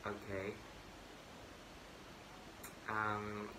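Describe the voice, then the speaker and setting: A man vlogging a casual storytime monologue to camera, excitable and boastful, breaking into sudden loud swearing outbursts. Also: fairly low pitch, drawn-out words, gravelly, long pauses, a little hiss or hum.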